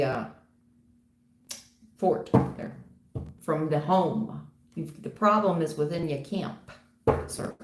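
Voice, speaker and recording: Blunt, low-voiced woman tarot reader. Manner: calls viewers hun and baby, blunt, laughs often, swears. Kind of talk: casual livestream chat reading viewer questions. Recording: roomy echo with faint noise.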